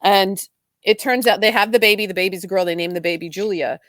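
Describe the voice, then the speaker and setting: A woman co-hosting a podcast, retelling a soap opera plot in a quick, animated casual chat full of "like"s. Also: medium pitch, no echo, studio quality. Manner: fast, animated retelling with many "like"s. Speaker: podcast co-host.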